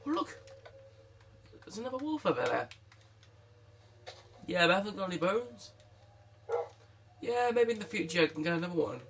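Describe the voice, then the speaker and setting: A man hosting a let's play, chatting to viewers and his pet and exclaiming excitedly at what happens in the game. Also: high voice, slight background noise. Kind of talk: gaming commentary.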